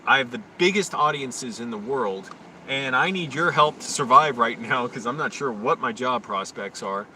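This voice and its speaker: A young man rambling on a phone stream from a city park, his voice bright and forceful. He drifts from topic to topic and flares into loud rants now and then. Faint outdoor noise sits under his talk. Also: medium pitch, expressive. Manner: rambling, quick to rant and get loud. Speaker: live-streaming YouTuber.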